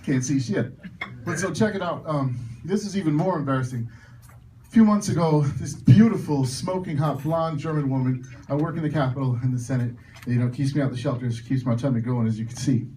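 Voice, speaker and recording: A man's voice: fairly high pitch, fairly quick, slight background noise. Male stand-up comic, self-mocking crowd worker, slightly distant mic. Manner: loud crowd work, self-mocking punchlines. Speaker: stand-up comedian. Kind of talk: stand-up comedy set. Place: comedy club stage.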